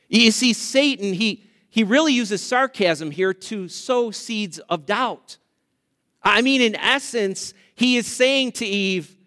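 High-voiced male pastor preaching in a hall. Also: unhurried, bright, forceful tone. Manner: emphatic, repeats phrases, addresses congregation directly. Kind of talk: sermon.

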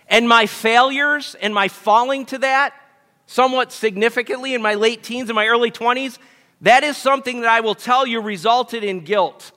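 Bright-voiced pastor preaching in a hall. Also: male voice, extremely high pitch. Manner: conversational, earnest, asks the congregation questions. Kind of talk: sermon. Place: church sanctuary. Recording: long hall reverb.

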